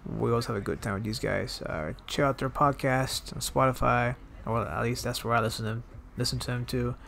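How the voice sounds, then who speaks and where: Muffled man with a gravelly voice. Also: mid-range voice, fairly even intonation, a little fast, fairly bright tone, a little hiss or hum. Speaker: vlogger. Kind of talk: casual vlog voice-over.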